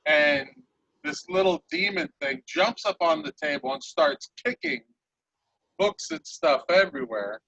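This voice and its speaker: A man narrating a tabletop game as game master, unhurried and animated. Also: a little high, creaky, breathy edge, dry recording, lo-fi sound.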